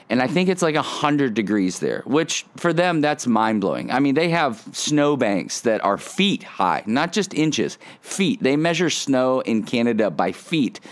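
A man hosting a casual devotional podcast from his front porch, earnest and reflective in a conversational way. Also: mid-range voice. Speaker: podcast host.

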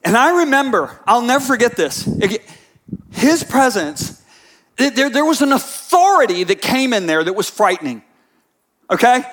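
Passionate high-voiced male preacher. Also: big pitch swings, normal speed. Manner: swings from hushed storytelling to shouted passionate bursts. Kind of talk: sermon storytelling.

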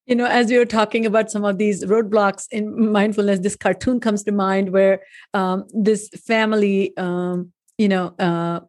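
A woman's voice: mid-range voice, steady tone, moderate pace, a little mellow. Casting note: a woman host in a casual interview, a storyteller who laughs often and uses lots of fillers. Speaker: podcast host.

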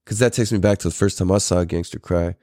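A man's voice: low-pitched, fairly even intonation, fast talker, dark tone, no room sound. Man in his thirties, podcast host, rambling casual storytelling, dry close sound. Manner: rambling, profane, many fillers like "like" and "dude".

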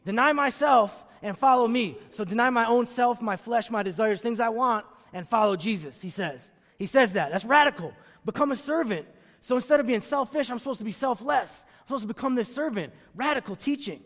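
High-voiced man preaching with call-and-response. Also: lively intonation, brisk, fairly bright tone. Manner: emphatic, repeats key phrases. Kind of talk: sermon. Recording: long reverb of a large room.

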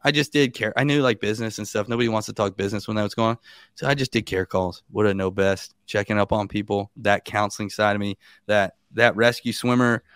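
A man in his thirties, a guest on a podcast, telling stories in a casual and animated way, laughing and acting out what people said. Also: on the low side, fast talker, clean tone, no echo, clean studio sound.

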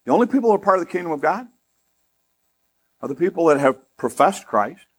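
A middle-aged man preaching a sermon in a conversational way, with humorous asides and rising emphasis, turning softer and slower when he prays. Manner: softer, slower and lower in prayer. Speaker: pastor.

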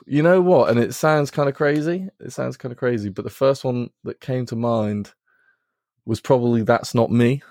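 A man's voice: medium pitch, a little slow, darkish tone, dry recording, studio quality. A man with an English accent hosting a podcast, chatting casually with laid-back enthusiasm and slang. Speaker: podcast host. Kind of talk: casual chat.

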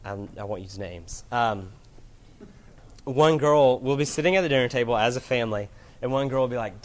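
A man preaching a sermon as pastor, asking the listeners questions, telling stories from home, and slowing down when he quotes scripture. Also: medium pitch, slight background noise. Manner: earnest, asks rhetorical questions, warm family anecdotes; varies pace, slows right down to quote scripture.

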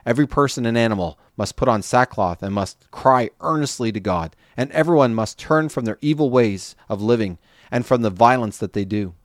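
A man's voice: medium pitch, animated, fairly quick, no room sound, clean studio sound, natural voice. A man reading aloud as a repentant king issuing a grave royal decree. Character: repentant male king, commanding.

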